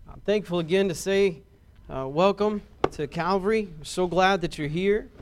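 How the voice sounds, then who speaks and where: Pastor guy preaching, kinda high voice, earnest and heartfelt. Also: normal speed, background noise. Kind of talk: sermon.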